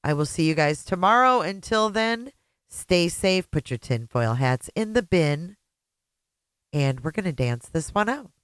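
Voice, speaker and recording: A woman's voice: on the low side, lively intonation, measured pace, smooth, dry recording. A woman hosting a casual livestream chat, joking and teasing her guests as she signs off. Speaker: host.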